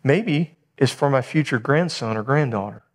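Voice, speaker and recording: A middle-aged man preaching a sermon at an ordinary pitch. He tells stories with energy and acts out the voices of the people in them. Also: normal speed. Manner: animated storytelling, acting out dialogue. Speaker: pastor.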